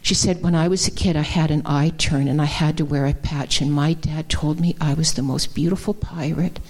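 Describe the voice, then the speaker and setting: A woman giving a sermon in a church, telling personal stories in a warm, conversational way. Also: low-pitched, fairly even intonation, normal speed. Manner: warm storytelling, addresses people as darling and honey. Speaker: guest speaker.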